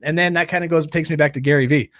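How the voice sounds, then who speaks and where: A man hosting a live recovery stream in a loose, joking, animated way. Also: on the high side, very fast, no room sound. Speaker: host. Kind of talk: casual live-stream chat.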